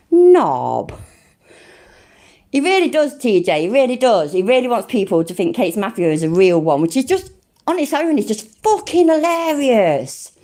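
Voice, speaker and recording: Sweary British woman with lively pitch. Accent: English (British). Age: middle-aged. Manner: sweary, sarcastic, laughs often, mocks what she reads. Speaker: livestream host reading a legal document to chat. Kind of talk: casual livestream chat.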